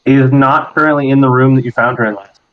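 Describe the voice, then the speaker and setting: Game master, male, middle-pitched, improvising with plenty of hesitations; muffled recording. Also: steady tone, quick pace, a little hiss or hum. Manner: hesitant, lots of fillers while improvising. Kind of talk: narrating a tabletop game.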